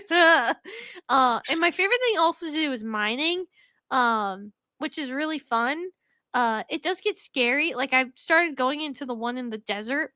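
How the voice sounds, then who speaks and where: A woman co-hosting a podcast in casual chat, excitable and quick to swear and laugh. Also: high-pitched, no room sound, clean studio sound. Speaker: podcast co-host.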